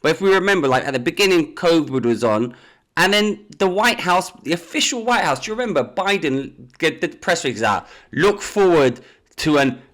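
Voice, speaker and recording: Man, podcast co-host, animated and rambling, slightly high voice. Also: fairly quick. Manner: animated, rambling, many restarts. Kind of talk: casual chat.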